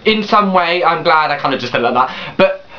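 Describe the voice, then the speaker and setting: Fast-talking teen guy, lo-fi webcam. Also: on the high side, animated. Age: late teens. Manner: rambling, full of restarts and "obviously", blunt swearing. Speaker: vlogger. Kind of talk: casual confessional storytelling. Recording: dull lo-fi webcam recording.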